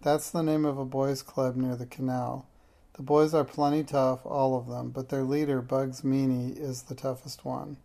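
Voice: mid-range voice, flat delivery, moderate pace, vocal fry, dark tone, close to an everyday voice. A storyteller reading a small, timid boy from a children's book in a meek way.

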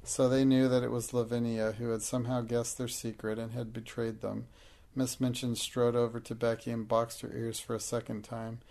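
Man reading a storybook out loud, gravelly and pretty monotone, steady pace. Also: medium pitch, normal speed. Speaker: narrator. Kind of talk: audiobook narration.

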